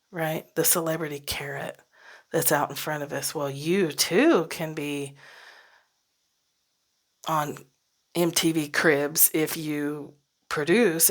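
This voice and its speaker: A woman hosting a solo podcast, talking casually and reflectively, laughing often and dropping into whispered asides. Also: sits low. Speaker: podcast host.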